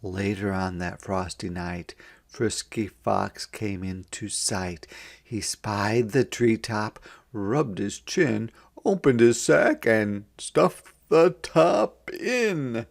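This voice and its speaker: A man reading a rhyming children's picture book aloud in a gentle, sing-song manner. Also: fairly low pitch, slow, vocal fry. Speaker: storybook reader. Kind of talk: children's read-aloud narration.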